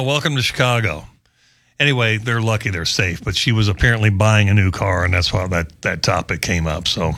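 A man's voice: medium pitch, fairly bright tone. A man hosting a talk show, chatting casually and jokingly through odd news stories. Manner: chatty, joking, wandering asides. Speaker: radio show host.

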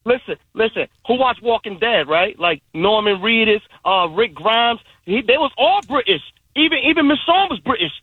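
A man's voice: high-pitched, lively intonation, moderate pace, husky, dry recording, phone-quality sound. A man chatting casually in a group, rambling and repeating himself with slang.

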